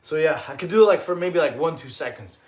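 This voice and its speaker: A man in his thirties, originally from Russia, hosts a casual fitness livestream and answers his viewers' comments one by one. His voice sits a little high for a man. He sounds slightly winded, as if he has just finished a set of exercises. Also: animated, quick pace, a little hiss or hum. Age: 30s. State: out of breath after exercise. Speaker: fitness streamer.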